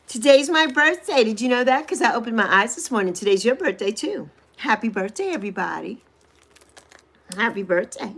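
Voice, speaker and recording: A woman in her sixties hosting a casual livestream, animated and sassy, greeting viewers by name. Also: fairly high pitch, brisk. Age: 60s. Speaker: livestream host.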